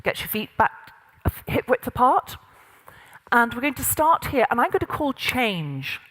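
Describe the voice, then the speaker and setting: Middle-aged woman coaching a room full of people, upbeat and bossy-in-a-nice-way, bit of a highish voice, hall echo. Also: a little slow. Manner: lively, directive, demonstrating with exercises. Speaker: voice and presence coach. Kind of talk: interactive workshop instruction. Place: large room with an audience. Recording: long reverb of a large hall.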